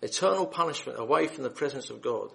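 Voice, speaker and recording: A man's voice: mid-range voice, lively intonation, quick pace, gravelly, a bit bright. A man preaching the gospel in a hall, reading scripture aloud and then appealing earnestly and directly to his listeners. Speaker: lay preacher.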